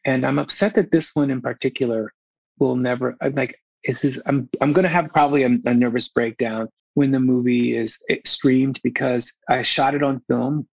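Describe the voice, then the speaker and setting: A man's voice: medium pitch, fairly even intonation, moderate pace, creaky, dry recording, muffled recording. A man, a film director, talking frankly and emotionally as an interview guest, often restarting and repeating himself. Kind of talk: candid casual interview talk.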